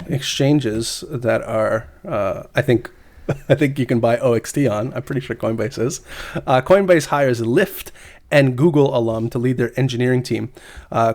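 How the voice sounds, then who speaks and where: Male co-host, mid-pitched, halting delivery full of fillers, chuckles a lot. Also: darkish tone. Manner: hesitant, many fillers, chuckling. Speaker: podcast co-host. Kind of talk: casual podcast chat, reading news.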